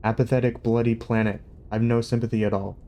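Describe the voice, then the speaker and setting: A man reading aloud, voicing a pompous bureaucratic alien official who makes announcements over a loudspeaker in an officious, dismissive manner. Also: mid-range voice, little pitch movement, fast, a little hiss or hum, natural voice. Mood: annoyed.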